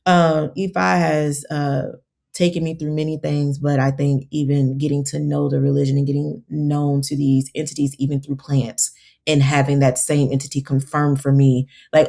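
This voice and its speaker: A woman's voice: low-pitched, level tone, moderate pace, gravelly, dark tone. A woman herbalist, a guest on a podcast, telling stories in casual conversation and acting out her own quotes.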